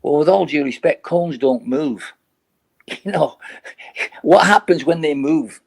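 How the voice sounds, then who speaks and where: Gravelly older man telling rambling stories. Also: a little high, a little slow. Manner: rambling anecdotal storyteller, laughs often, restarts. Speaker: retired footballer, guest. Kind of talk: casual podcast chat.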